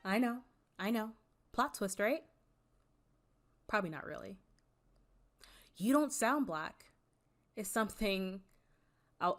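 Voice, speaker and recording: A young woman YouTuber, an artist, talking earnestly and candidly in a personal vlog, with a voice she herself calls Valley Girl. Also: lowish voice. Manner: earnest and candid, mixing serious and playful.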